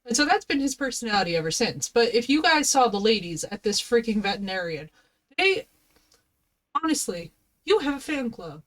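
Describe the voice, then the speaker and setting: A playful, chatty woman talking to her stream viewers and cooing at her dog. Her voice sits a little high, and she speaks into a headset mic. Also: sing-song, a little fast, fairly bright tone. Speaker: game streamer. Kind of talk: casual live-stream chat.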